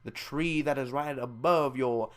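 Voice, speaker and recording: A young man giving a casual, loud and excitable spoiler review, full of slang, who acts out the scenes with high squeals and screams. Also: a little slow. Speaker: movie reviewer.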